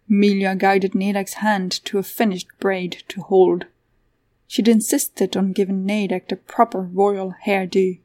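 A woman's voice: mid-range voice, flat delivery, unhurried, dark tone. A woman narrating a fantasy story aloud, giving the characters voices of their own. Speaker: audiobook narrator.

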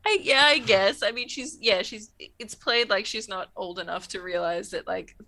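A woman with a bright, forceful voice, chatting loosely about a TV episode. She swears freely and laughs a lot. She keeps slipping into quick impressions of the characters. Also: medium pitch. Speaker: podcast co-host. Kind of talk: casual chat recapping a TV episode.

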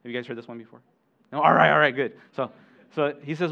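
A man's voice: on the high side, fast, gravelly, pushed and bright, dull audio. A man preaching a sermon as pastor, talking conversationally with asides to the congregation and frequent restarts.

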